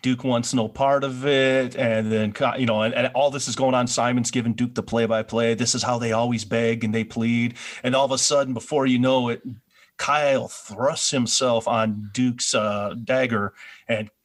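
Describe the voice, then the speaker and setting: A man co-hosting a podcast, recapping a TV episode in a relaxed, meandering way. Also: medium pitch, moderate pace. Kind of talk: casual chat.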